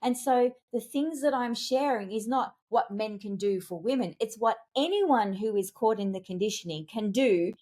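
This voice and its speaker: A woman speaking as a communications expert and executive coach in a podcast interview, telling stories in an animated, emphatic way with big leaps in pitch. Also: moderate pace, hardly any pauses. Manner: animated, emphatic storytelling with wide pitch jumps.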